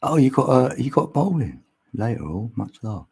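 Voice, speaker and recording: A man's voice: mid-range voice, very animated, moderate pace, creaky, darkish tone, husky. A man hosting a livestream, chatting casually with viewers and rambling through musings with frequent laughs, on a mic mounted on an arm extension. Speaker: livestream host.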